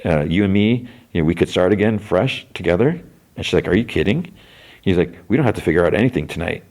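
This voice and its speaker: Male podcast host, low voice, loose filler-heavy episode recap. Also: expressive, fast talker, darkish tone.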